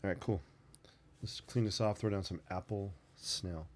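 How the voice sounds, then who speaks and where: A man's voice: low-pitched, normal speed, darkish tone, a little hiss or hum. A man hosting a casual sketching livestream, rambling easily while he paints and answers viewers. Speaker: art livestream host.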